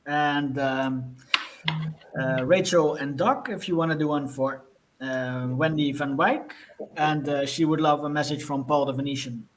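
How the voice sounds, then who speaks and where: A man with a slightly high voice hosts a video call, handing out turns to the group. He is brisk, with frequent "uh"s. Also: fairly even intonation, a little hiss or hum. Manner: organizing, brisk, with fillers. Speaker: host.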